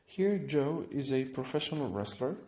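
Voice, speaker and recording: A man's voice: mid-range voice, animated, normal speed, warm tone, echoey room. A man teaching an English grammar lesson, explaining step by step and often checking with "right?".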